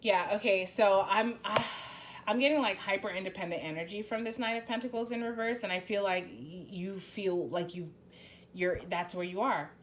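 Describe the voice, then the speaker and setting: A woman's voice: medium pitch, moderate pace, a little hiss or hum. A woman doing a casual spoken tarot reading. She talks bluntly, swears freely and rambles with many restarts. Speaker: tarot reader.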